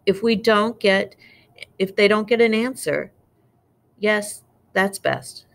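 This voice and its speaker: A woman's voice: medium pitch, takes it slowly, gravelly, pitched above the performer's own voice. A woman voicing a blustering, bullying middle-aged uncle in a storybook reading, sneering and roaring at the children. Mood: flustered.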